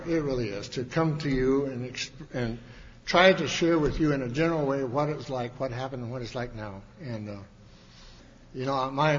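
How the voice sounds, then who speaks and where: A man telling his story at a recovery meeting, folksy and joking, with lots of restarts. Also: mid-range voice. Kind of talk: speech to a large audience. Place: large meeting hall with audience. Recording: dull hall recording with long reverb.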